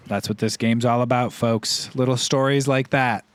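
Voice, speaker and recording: A man's voice: mid-range voice, fairly even intonation, moderate pace, clean tone. A man giving casual, joking let's play commentary while streaming a game. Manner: casual, joking asides between read dialogue.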